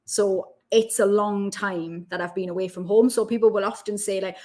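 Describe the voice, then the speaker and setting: A woman's voice: medium pitch, fairly even intonation, moderate pace, darkish tone. A woman in her thirties with a Geordie accent, chatting as a podcast guest in a rambling, chatty way with lots of asides. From Newcastle, England. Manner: chatty, rambling, filler-heavy with many asides. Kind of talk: casual podcast chat.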